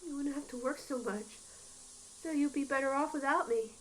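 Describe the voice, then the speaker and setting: A woman voicing a frail, sickly boy who doubts himself, speaking quietly and hesitantly. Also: high-pitched, brisk, a little hiss or hum, lightly acted. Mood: sad, quiet.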